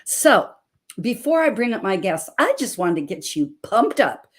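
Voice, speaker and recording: A woman in her sixties hosts an uplifting talk show and tells stories in an emphatic, preacherly way. Her pitch sits mid-range for a woman. Her delivery is animated, and she leans hard on key words. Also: moderate pace, husky. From Montana, USA. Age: 60s. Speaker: host and health coach. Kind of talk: inspirational talk show intro.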